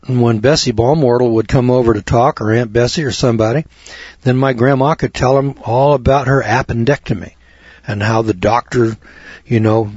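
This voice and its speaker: Man, folksy lecturer, husky voice, dry dull lo-fi sound, emphatic with repeated words. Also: medium pitch, darkish tone, no echo. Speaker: health lecturer. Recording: dull lo-fi recording.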